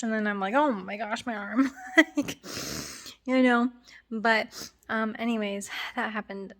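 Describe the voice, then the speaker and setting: A woman's voice: mid-range voice, fairly bright tone. A young woman talking casually to camera in a rambling way, full of fillers and restarts, with a slightly stuffy, runny nose. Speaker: vlogger.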